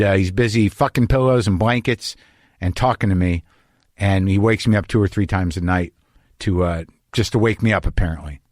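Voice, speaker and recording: A middle-aged man hosting a podcast, delivering an anxious, rambling, profane comic monologue in a deadpan way before chatting with a guest in his home studio. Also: lowish voice, no echo. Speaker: podcast host.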